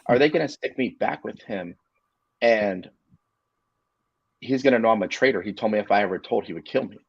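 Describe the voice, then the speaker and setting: A man in his forties, an inspirational speaker, telling a personal story in an earnest, halting way with many fillers and restarts. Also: fairly low pitch, gravelly, husky, no room sound, highs cut off. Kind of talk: storytelling on a video call show.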